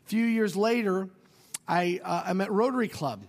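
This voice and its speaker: A man, a pastor preaching a sermon, telling stories with swings from loud and animated to quiet and hushed. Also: high-pitched, normal speed. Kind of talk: sermon with storytelling. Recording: long hall reverb.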